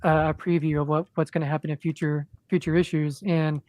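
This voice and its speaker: A woman who creates comics, a guest in casual podcast chat, speaking hesitantly with many pauses. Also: deep voice, flat delivery, darkish tone, dry recording. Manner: hesitant, lots of fillers and restarts.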